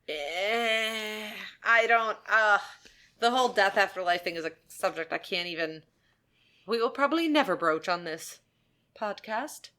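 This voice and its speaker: A woman co-hosting a podcast in casual, rambling chat, giggly and high on edibles. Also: expressive, a little slow, sharp tone. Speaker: podcast co-host.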